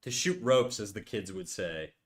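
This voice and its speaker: A man's voice: on the low side, normal speed. A man from Quebec with a Québécois French accent, chatting casually and self-mockingly on a livestream, switching between French and English. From Quebec, Canada. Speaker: livestreaming artist.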